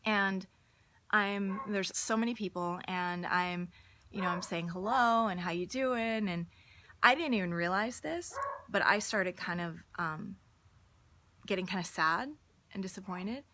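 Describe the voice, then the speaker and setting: A woman's voice: mid-range voice, a little slow, a little hiss or hum. A woman hosting a live stream, giving an earnest, casual motivational talk and telling personal stories, often restarting her words. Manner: earnest, warm-hearted, restarts words, storytelling.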